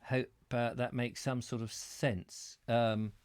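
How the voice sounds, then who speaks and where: Male live-stream host, mid pitch, dry close sound, reads and muses chattily between viewer comments. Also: level tone, slow pace, smooth, dry recording. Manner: chatty, muses aloud over viewer comments, stumbles on names. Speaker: host reading a book live and answering comments. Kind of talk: live-stream reading and casual chat with viewers.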